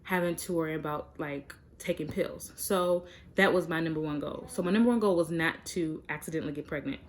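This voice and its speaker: A woman's voice: low voice, brisk, a little hiss or hum. A young woman talking frankly and chattily to her viewers in a casual vlog, with plenty of fillers. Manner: chatty and direct, many fillers. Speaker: vlogger. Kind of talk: frank casual chat to camera.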